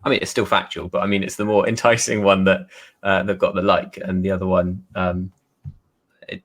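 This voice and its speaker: A man's voice: level tone, a little fast, fairly bright tone. A man talking as a guest author in a casual chat, hesitant and laughing between his words. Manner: hesitant, laughing, then a mock announcer pitch. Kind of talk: casual chat on a video call.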